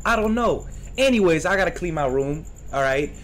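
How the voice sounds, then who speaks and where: Young male host, slangy intro, high pitch, noisy recording. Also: lively intonation, normal speed. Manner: slangy, playful. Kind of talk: casual video intro. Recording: loud background noise.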